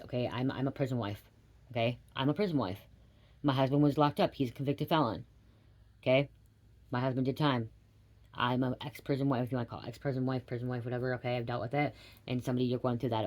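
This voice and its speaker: A woman giving a spiritual reading, rambling and swearing casually, ending almost every sentence with a quick "okay?". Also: a bass voice, darkish tone. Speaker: tarot reader.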